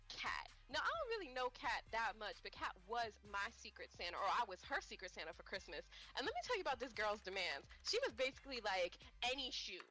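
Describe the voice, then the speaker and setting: A woman giving a sassy comic roast speech, acting out quotes. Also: on the high side. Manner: sassy, animated, acts out quotes.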